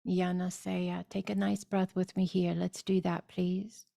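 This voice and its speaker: A woman leading a spiritual course, speaking deliberately and soothingly with loud gasping inhales and repeated phrases. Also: lowish voice, little pitch movement, creaky, dry recording, clean studio sound. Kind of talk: slow guided spiritual teaching.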